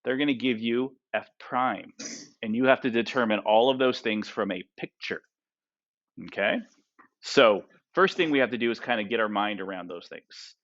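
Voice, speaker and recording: A man's voice: lowish voice, normal speed, a bit bright, dull audio. A man teaching a math class, who keeps asking his students questions and tags his points with "right?" and "okay?". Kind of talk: classroom lecture.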